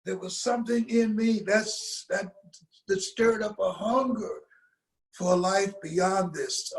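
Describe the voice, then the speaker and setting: A man's voice: high voice, poor audio. Older man telling an emphatic story. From United States. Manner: emphatic, slows down to stress key phrases. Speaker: interview guest. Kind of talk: motivational storytelling.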